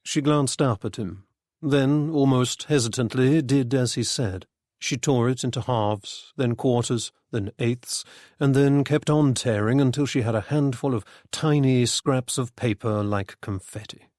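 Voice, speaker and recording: A man reading a mystery story aloud as narrator, in a measured, even manner. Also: medium pitch, no echo, clean studio sound. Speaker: audiobook narrator.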